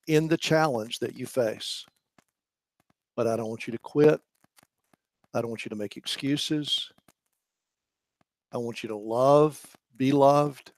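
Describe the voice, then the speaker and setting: A man's voice: medium pitch, dry recording. A man preaching a sermon, speaking earnestly and building to impassioned emphasis.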